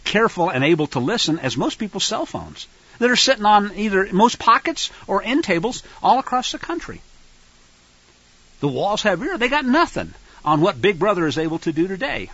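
Husky, high-voiced, sarcastic male preacher. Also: very animated, moderate pace, a bit bright, no echo, muffled recording. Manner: emphatic, sarcastic, digressive. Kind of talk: sermon-style commentary.

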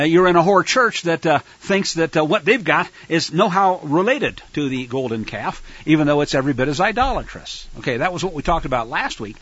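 Brief: husky, high-pitched male preacher, emphatic and wandering. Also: fairly bright tone, dry recording, dull audio. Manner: emphatic, sarcastic, digressive. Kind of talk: sermon-style commentary.

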